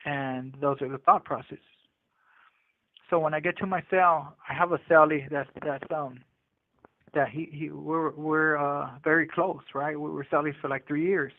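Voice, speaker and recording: A man tells his story in loose street slang, stumbling over restarts and fillers as he goes. His voice sits a little high for a man and comes through a narrow, tinny phone line with no room sound at all. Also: fairly even intonation, unhurried, no room sound. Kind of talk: casual storytelling. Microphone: prison phone.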